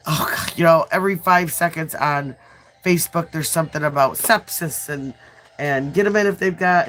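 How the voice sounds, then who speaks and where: Her deep, slightly bright voice carries a Midwestern American accent as this thirtysomething nail art streamer rambles casually on her livestream. A sinus cold has her congested, and she drops self-deprecating remarks as she talks.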